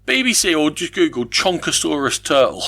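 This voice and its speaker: Male co-host, teasing banter, mid pitch, lively intonation. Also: brisk. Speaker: podcast co-host. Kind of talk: casual chat about board games.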